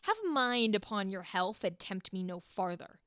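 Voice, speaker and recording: A woman reading the part of Cassius, a proud and touchy Roman soldier, in a slow, deliberate play reading. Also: mid-range voice, lively intonation, a bit bright, smooth, dry recording, clean studio sound, voice pushed down, close to an everyday voice. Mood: stern.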